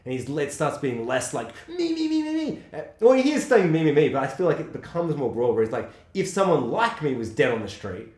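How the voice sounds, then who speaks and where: A man discussing a film in casual chat, swearing freely and acting out quotes in a high voice. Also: very animated, brisk, hardly any pauses, darkish tone. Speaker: podcast co-host. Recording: echoey room.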